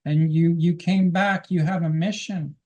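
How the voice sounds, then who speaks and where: A man with a slightly higher-than-usual voice tells his spiritual life story to a class. He speaks earnestly and rambles a little, restarting his sentences as his thoughts come. When he quotes others, his voice lifts higher. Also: steady tone, a little slow, warm tone. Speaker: guest speaker teaching a class. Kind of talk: personal spiritual testimony.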